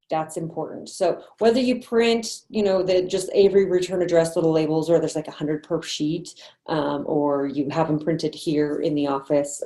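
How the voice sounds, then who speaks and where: Woman sales trainer, chatty and encouraging, mellow low voice, echoey room on a video call. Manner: chatty, encouraging, quick asides and laughs. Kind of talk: online sales training meeting.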